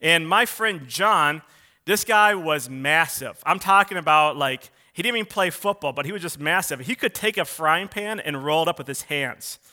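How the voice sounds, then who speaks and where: A man's voice: fairly high pitch, moderate pace. A man preaching a sermon, telling a story in a loose, conversational way and acting out quotes in a raised voice. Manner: animated, acts out quotes in a raised voice. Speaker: pastor.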